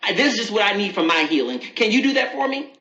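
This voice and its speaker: Bright-voiced woman giving emphatic advice. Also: medium pitch, sing-song, fast talker. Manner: emphatic, repeats key phrases, calls listener baby. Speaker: advice show host. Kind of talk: casual advice talk to viewers. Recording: echoey room, slightly dull sound.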